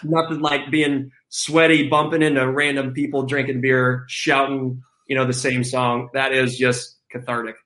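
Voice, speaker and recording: A man's voice: mid-range voice, level tone, moderate pace, hardly any pauses, bright, forceful tone, reverberant. A man who used to play college football, chatting enthusiastically as a guest in a casual interview and laughing often.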